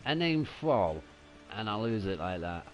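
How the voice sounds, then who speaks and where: A man giving casual, excitable live commentary while streaming a video game. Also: on the low side, unhurried, soft background music.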